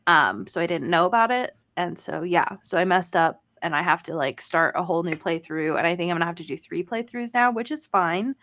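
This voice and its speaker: A woman's voice: on the low side, lively intonation, a little fast, hardly any pauses, a bit bright. A woman co-hosting a gaming podcast, chatting casually with lots of fillers and laughter. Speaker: podcast co-host. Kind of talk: casual chat.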